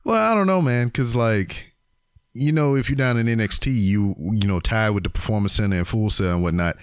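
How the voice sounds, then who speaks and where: A man's voice: lowish voice, fairly quick, slight background noise. A man co-hosting a casual wrestling podcast, talking loosely with trailing fillers and casual swearing. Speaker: podcast co-host. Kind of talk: casual chat.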